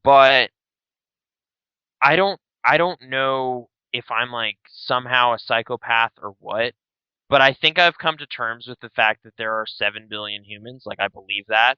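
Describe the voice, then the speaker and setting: A man co-hosts a podcast in loose casual chat, rambling and grumbling with a mock-grouchy edge. His voice is smooth and clear. The sound is dry and slightly dull. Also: medium pitch, measured pace, dry recording. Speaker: podcast co-host.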